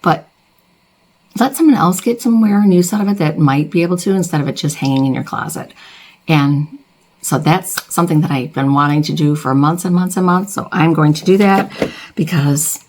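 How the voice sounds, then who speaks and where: A woman's voice: sits low, normal speed, darkish tone, slight background noise. A middle-aged woman talking through a beauty routine in a casual, rambling, earnest way, often correcting herself. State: close to tears. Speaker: beauty vlogger. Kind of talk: casual get-ready-with-me chat.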